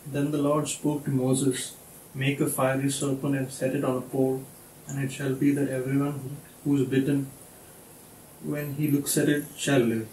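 A man in the congregation reading a Bible verse aloud in an even voice. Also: mid-range voice, normal speed, slight background noise. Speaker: congregation member. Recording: echoey room from far off.

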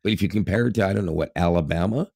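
Low gravelly Canadian-raised man chatting. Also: rapid-fire, darkish tone, no echo, clean studio sound. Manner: joking, chatty, self-correcting. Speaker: podcast co-host. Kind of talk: casual podcast chat.

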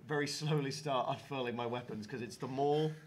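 Male player, relaxed and casual, faint audience-room noise. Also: medium pitch, brisk. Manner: casual, easygoing. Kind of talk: playing a tabletop game. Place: live show before an audience.

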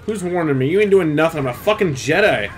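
A young man giving loud, swearing live commentary while playing a video game, often shouting at it. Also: fairly high pitch, expressive, quick pace, a little hiss or hum. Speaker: gameplay streamer. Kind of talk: live let's-play commentary.

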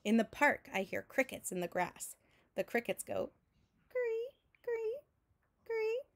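Using her mid-range voice, a teacher reads a picture book to kids in a slow, clear storytelling manner. She adds vocal sound effects in between the narrated lines.

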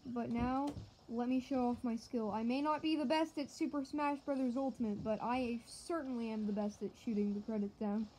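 A fairly high-voiced woman streams a fighting game, chattering and joking straight to her viewers. She gets excitable, shouting at enemies between casual asides, with a faint noise under her voice. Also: normal speed, poor audio. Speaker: gaming channel host. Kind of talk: let's-play commentary.

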